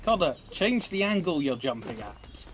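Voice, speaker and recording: A man's voice: a little high, very animated, normal speed, slight background noise. A man playing a game on stream, chatting casually with dry, opinionated jokes. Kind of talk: casual gaming stream chat.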